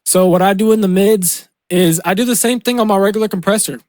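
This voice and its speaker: Young dude with a high voice explaining mixing knobs, slangy, dead dry close mic. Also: male voice, fairly quick, a little mellow, no echo. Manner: loose slangy talk, says "bro" and "boom" a lot. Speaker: music producer teaching vocal mixing. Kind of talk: casual screen-recorded tutorial. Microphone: close studio mic.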